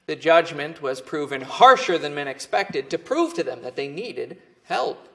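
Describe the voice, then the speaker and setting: A man's voice: a little high, animated, unhurried, hardly any pauses, bright, forceful tone. A man preaching a sermon as pastor, earnest and emphatic, with phrase endings that fall away.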